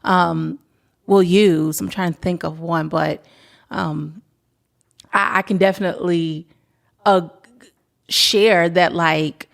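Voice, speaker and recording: A woman from Kentucky talks as a podcast guest, her voice fairly low with a gravelly fry. She speaks thoughtfully, often pausing with fillers as she searches for the right words. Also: fairly even intonation. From Louisville, Kentucky. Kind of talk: casual conversation.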